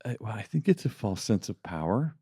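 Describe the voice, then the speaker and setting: A man's voice: on the low side, sing-song, a little fast, mellow, slightly rough, no echo, studio quality. A middle-aged man co-hosting a faith podcast, talking casually and putting on mocking voices when he quotes people. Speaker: podcast co-host.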